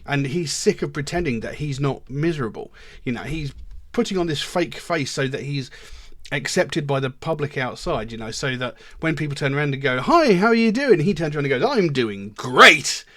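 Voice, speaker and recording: Man, mid-pitched, plain earnest talker, blunt swearing, dry close mic, casual commentary host. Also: a little fast, dry recording. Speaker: music reaction video host.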